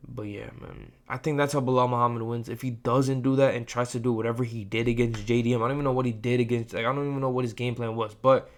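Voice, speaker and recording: A man runs through his fight picks in a loose, slangy ramble, tossing in "bro" every few lines. His voice sits at an ordinary middle pitch, and he talks to the camera like he's chatting with friends. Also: steady tone, fast talker, hardly any pauses. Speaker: host of fight prediction channel. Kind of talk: casual sports predictions talk.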